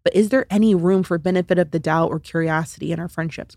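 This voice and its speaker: A woman talking as a podcast guest and friendship coach, lively, acting out the lines she quotes. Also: lowish voice, quick pace, no echo, clean studio sound. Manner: animated, acts out quoted lines. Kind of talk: conversational interview.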